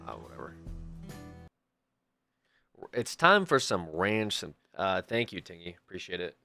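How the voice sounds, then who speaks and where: Low-voiced man chatting on a stream. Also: wildly swooping pitch, unhurried, gravelly, sharp tone, faint music behind. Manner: loose, joking, swears, talks to chat as "dude" and "folks". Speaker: livestreamer. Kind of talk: casual gameplay stream chat.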